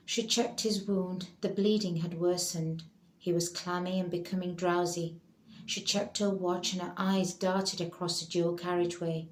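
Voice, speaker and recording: Woman storyteller, calm, measured narration, roomy echo. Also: lowish voice. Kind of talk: scripted narration.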